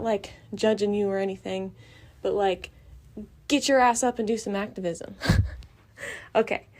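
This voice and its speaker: This podcast host, a young adult woman, speaks in a mid-range, darkish voice while recording outdoors near a building. Her casual monologue runs on in a blunt, passionate way, heavy with fillers.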